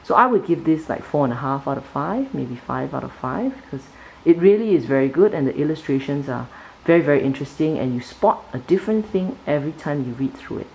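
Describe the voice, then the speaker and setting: A woman reviewing a children's picture book in a casual flip-through, narrating the pages in an animated storytelling way and often checking in with "right?". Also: brisk, gravelly, slight background noise, poor audio. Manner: animated storytelling, sudden pitch jumps on key words.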